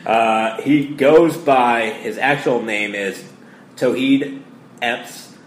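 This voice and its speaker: A man from Connecticut co-hosting a podcast, chatting casually and playfully about sports and music, excitable as he spars with his co-host. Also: medium pitch, drawn-out words. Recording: roomy echo, faint background hiss.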